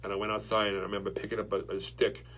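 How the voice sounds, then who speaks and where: New guy, low-ish voice, rambling excitable podcast host, faint hum. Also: very fast. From Long Island, New York. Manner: rambling, excitable storytelling with many restarts. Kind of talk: casual chat.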